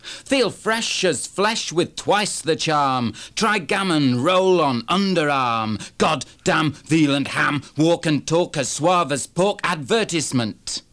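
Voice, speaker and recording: A man's voice: a little high, lively intonation, takes it slowly, fairly bright tone, no room sound. Yorkshire man chanting punchy performance poetry. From Yorkshire, England. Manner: punchy, rhythmic chanted delivery with repeated refrains. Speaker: performance poet. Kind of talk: live performance poetry reading.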